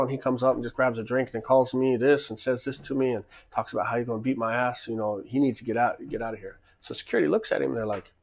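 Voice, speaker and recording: A man's voice: medium pitch, steady tone, fast talker, vocal fry, few pauses. A man casually telling a rambling story, acting out the back-and-forth.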